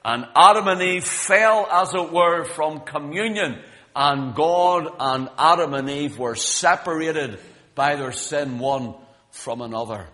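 A man's voice: fairly high pitch, slow pace, pushed and bright. A man preaching a sermon in an emphatic, storytelling manner, acting out quoted lines. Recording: long hall reverb.

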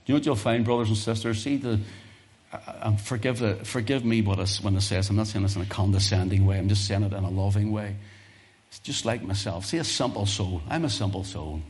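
A fervent male preacher with a low-pitched voice delivers a fast sermon. Impassioned yet conversational, he surges to loud, fiery peaks, then drops to quiet asides, repeating phrases for emphasis.

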